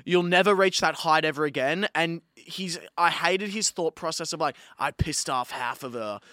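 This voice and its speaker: Young man, podcast co-host, angry sweary rant, voice sits a bit high, dry close sound. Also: normal speed, pushed and bright, no room sound. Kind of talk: ranting podcast chat.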